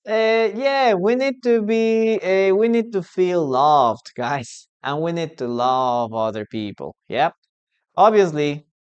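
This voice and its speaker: Slow, clear-voiced teacher. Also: mid-range voice, muffled recording. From Peru. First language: Spanish. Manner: repetitive, drills pronunciation, asks the class questions. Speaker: English teacher. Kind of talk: live online English lesson.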